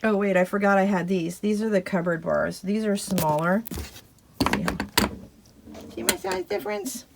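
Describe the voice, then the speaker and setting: Breathless chatty woman filming herself in a cramped rv, bit of vocal fry, kinda gravelly. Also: mid-range voice, animated, normal speed, pauses often, heavy background noise. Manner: chatty and self-mocking, laughing at herself. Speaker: RV vlogger. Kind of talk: casual vlog, talking to camera while doing chores. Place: inside a small RV.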